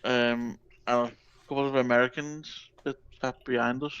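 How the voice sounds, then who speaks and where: A man from the UK co-hosting a podcast, sharing relaxed anecdotes in casual chat. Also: medium pitch, moderate pace, clear, resonant tone, dull audio. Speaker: podcast co-host.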